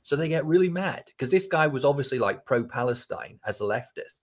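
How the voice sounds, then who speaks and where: A man's voice: mid-range voice, lively intonation, brisk. A man as a podcast guest, telling a story in casual chat, rambling with many restarts and frequent swearing.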